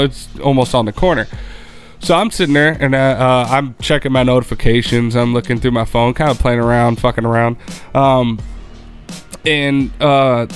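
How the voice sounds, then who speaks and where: A man co-hosting a podcast, telling a story in casual chat, animated and profane, acting out what people said. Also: medium pitch. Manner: animated, profane, acts out quoted dialogue. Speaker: podcast co-host.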